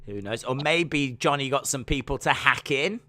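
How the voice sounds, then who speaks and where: A man's voice: medium pitch, moderate pace, pushed and bright. A playful British man co-hosting a casual podcast chat, slipping into silly voices. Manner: playful, breaks into silly put-on voices and sung lines. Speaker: podcast co-host.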